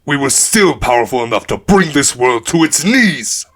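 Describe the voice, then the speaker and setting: A male narrator voicing a proud, angry male sorcerer lord who speaks forcefully in an audiobook. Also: mid-range voice, very animated, normal speed. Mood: indignant.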